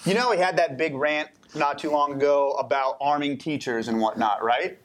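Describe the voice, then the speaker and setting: A man's voice: a little high, moderate pace. A man talking casually on a podcast, rambling with many restarts and fillers. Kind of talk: casual chat.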